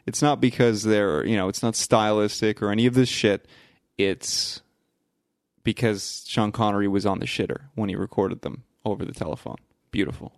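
A man's voice: on the low side, fairly even intonation, normal speed, creaky, no room sound, studio quality. A man hosting a casual movie-review podcast, joking and swearing freely as he rambles through digressions.

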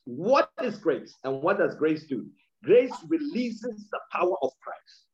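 Emphatic preacher man, lively pitch. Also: measured pace. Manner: emphatic, repeats key phrases, stretches words for stress. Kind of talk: sermon. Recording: dull lo-fi sound.

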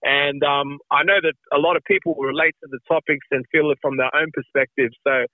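A relaxed man chats about his work in a casual interview, trailing off with ums. His voice comes down a narrow, tinny phone line. The sound is dry and close. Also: on the high side, brisk, no room sound. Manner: relaxed, many ums, says mate. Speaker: guest rapper.

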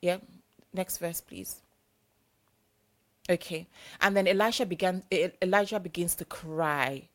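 A woman's voice: on the low side, a little slow, long pauses, a bit bright. A young adult woman preacher giving a sermon in a conversational, emphatic, repetitive way.

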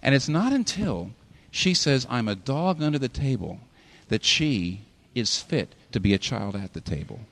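A pastor preaching a sermon in a hall, with animated delivery that rises and falls sharply for emphasis. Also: male voice, mid-range voice, normal speed.

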